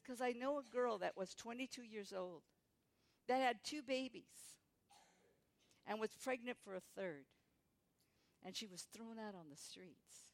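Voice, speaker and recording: A woman stands before a church congregation and shares her personal testimony. Her voice sits in a natural middle range. She slips into the voices of the people in her story as she tells it. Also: mid-range voice. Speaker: guest speaker giving testimony.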